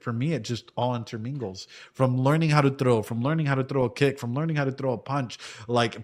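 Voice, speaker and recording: Reacting to an anime, a thirtysomething man chats casually and wanders into a long, rambling story from his work as a martial arts coach. He speaks at an ordinary middle pitch. He swears occasionally and keeps checking in with "dude" and "right?".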